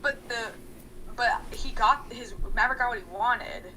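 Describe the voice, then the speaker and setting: A woman's voice: fairly high pitch, moderate pace, a crowd in the background, rough recording. A woman player in casual chat, rambling through memories of a game session with restarts and laughing asides. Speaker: player guest.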